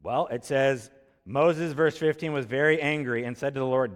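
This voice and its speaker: Conversational preacher, long hall reverb. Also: male voice, mid-range voice, fairly quick. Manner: conversational, asks rhetorical questions, then answers them. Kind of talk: expository sermon with scripture reading.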